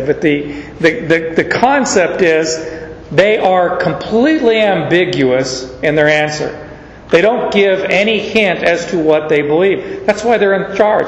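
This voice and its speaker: Pastor guy preaching slow, high voice, echoey church hall, kinda dull sound. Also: slight background noise. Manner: slow, deliberate Bible teaching with chuckles and quoted verses. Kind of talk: sermon.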